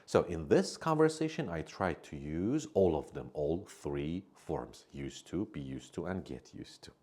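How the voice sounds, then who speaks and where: A man's voice: a bass voice, animated, a little slow, a little mellow. A man teaching an English lesson, patiently explaining each point by repeating and rephrasing it.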